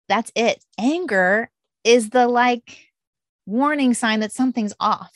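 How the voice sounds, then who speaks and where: A woman's voice: fairly high pitch, takes it slowly, no echo, studio quality. A woman in her thirties, a mother and guest, chatting animatedly and voicing her own past thoughts in quotes. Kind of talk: podcast conversation.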